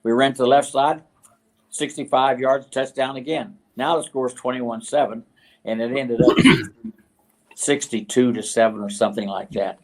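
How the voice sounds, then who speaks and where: Halting older man telling old stories. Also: medium pitch, steady tone. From West Virginia, USA. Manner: halting, many "uh" fillers and restarts. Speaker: retired university football coach, guest. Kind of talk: storytelling interview.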